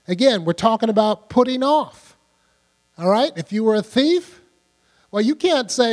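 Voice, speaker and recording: A man's voice: sits high, animated, moderate pace, a little mellow. An older man preaching a sermon in a conversational way, often putting questions to his listeners. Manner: conversational, asks the congregation questions. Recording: long hall reverb with mains hum.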